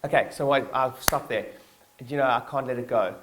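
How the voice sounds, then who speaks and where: A man's voice: medium pitch, a little fast, noisy background. A man giving a motivational keynote to his staff in a conference hall, talking casually with lots of fillers and calling on the audience to respond.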